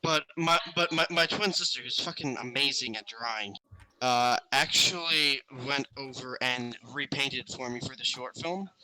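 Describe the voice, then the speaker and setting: A young man rambles through a casual chat, laughing and joking crudely as he goes. His voice is very bright and sits at a middle pitch. He talks into a headset. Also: moderate pace, poor audio. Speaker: stream co-host.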